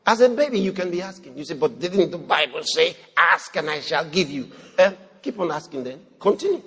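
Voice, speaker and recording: Animated high-voiced preacher in a reverberant hall. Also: male voice, brisk, husky. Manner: animated, swings from shouting to low murmurs, acts out prayers. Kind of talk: sermon.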